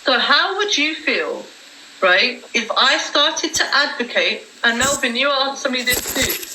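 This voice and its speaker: A woman's voice: on the high side, sharp tone, roomy sound, a little hiss or hum, poor audio. A woman hosting a heated live-stream debate, emphatic and swearing as she argues her point. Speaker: livestream host.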